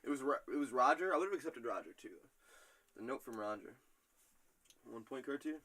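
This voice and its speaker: A man's voice: mid-range voice, animated, a little fast, a bit bright. A man hosting a casual podcast quiz, reading quotes aloud and laughing often. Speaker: quiz host.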